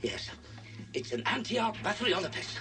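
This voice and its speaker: An actor playing an anxious young son who speaks in nervous exclamations, heard from an old film soundtrack under loud music. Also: male voice, sits high, big pitch swings, moderate pace, vocal fry, heavily acted. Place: film scene.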